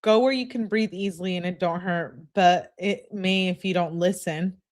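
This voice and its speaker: A woman's voice: on the low side, normal speed, lightly acted. A woman reading aloud the messages of a domineering man's role-play persona in her own plain voice. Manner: read aloud flatly.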